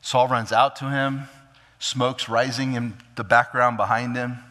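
A man preaching a sermon in an animated way, often stammering into restarts. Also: mid-range voice, a little slow, long reverb tail. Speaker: pastor.

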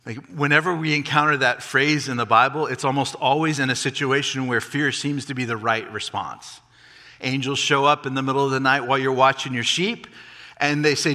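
A man preaching a sermon, animated, rising and falling in pitch and volume for emphasis. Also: a little fast, big-room sound. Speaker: pastor.

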